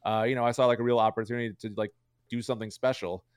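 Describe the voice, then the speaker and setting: A man's voice: mid-range voice, little pitch movement, racing, clean tone, no room sound, studio quality. A man talking as a streamer guest in a casual interview, rambling with lots of "like" and "you know" fillers.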